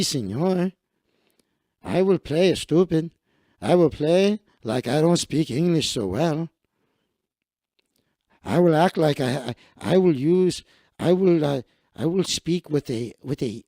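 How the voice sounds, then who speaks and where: Man doing an earnest young Mexican footballer, put-on Mexican Spanish accent, broken English, high and lively. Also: slow pace, long pauses, no room sound, studio quality, heavily acted.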